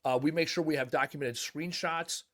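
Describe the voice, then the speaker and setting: Male business owner, a bit higher pitched, emphatic and animated storyteller, podcast guest. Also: moderate pace. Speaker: junk removal business owner. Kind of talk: casual podcast conversation.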